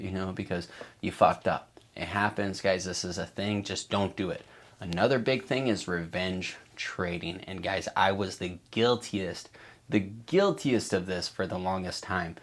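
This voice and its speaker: A trading coach with a fairly low voice and moderate pace gives traders a casual talk. He is emphatic and repetitive, swears freely, and acts out the inner voice of a trader.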